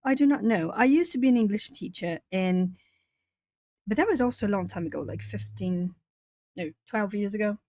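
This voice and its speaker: A woman's voice: mid-range voice, lively intonation, moderate pace, dark tone, no room sound. A woman from Brazil chatting casually on a live art stream, laughing often and answering viewers' comments as she colours. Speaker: artist streamer.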